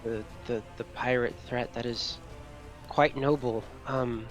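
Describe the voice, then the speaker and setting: A man's voice: mid-range voice, steady tone, soft background music, close to an everyday voice. A man voicing a tired, courteous sea dragon. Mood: gracious. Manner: formal, halting, grateful speech. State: exhausted. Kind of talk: tabletop game role-play.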